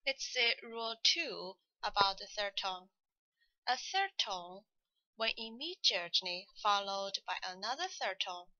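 Slow, bright-voiced woman teaching tones. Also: a little high, dry recording, highs cut off. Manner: slow, careful, demonstrates tones aloud. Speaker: Mandarin tone teacher. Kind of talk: scripted tutorial narration.

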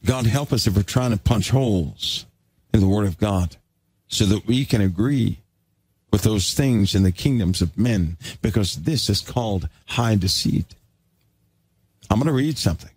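A man's voice: lowish voice, expressive, unhurried, a little mellow, slightly rough, no echo. A man preaching a sermon in an emphatic, exhorting way.

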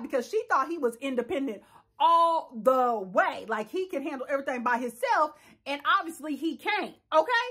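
Sassy high-voiced woman recapping reality TV. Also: expressive, moderate pace, fairly bright tone. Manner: sassy, laughing, blunt slang-heavy talk. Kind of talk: casual reaction commentary.

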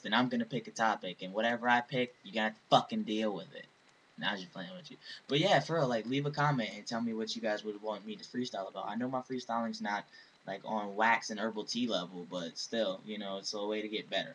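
A man's voice: on the low side, quick pace, fairly bright tone, slight background noise. A young man vlogging casually in slang and profanity, then freestyle rapping to his webcam. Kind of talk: casual talk and freestyle rap.

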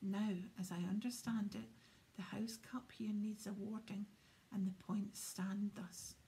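A woman's voice: mid-range voice, flat delivery, unhurried, dark tone, lightly acted. A woman voicing an elderly, cheerful male headmaster wizard with genial, rambling speech in a storybook reading.

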